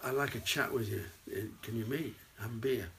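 An older man, an actor, telling rambling anecdotes in an interview and dropping into hushed asides. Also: medium pitch, brisk, vocal fry, slight background noise. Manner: rambling storyteller, drops to hushed whispers for asides. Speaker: actor guest.

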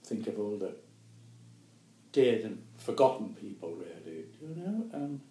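Elderly NZ man, eighties, low-ish voice, rambling chuckling memories, roomy echo. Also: very animated, unhurried, warm tone. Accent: New Zealand. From New Zealand. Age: 80s. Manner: rambling, chuckling, self-correcting. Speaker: guest actor. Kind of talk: reminiscing interview.

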